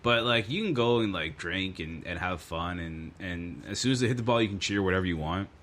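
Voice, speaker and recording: A man's voice: low voice, a little fast, fairly bright tone. A man co-hosting a casual sports podcast, telling rambling stories and laughing mid-sentence. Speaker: podcast co-host. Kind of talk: casual chat.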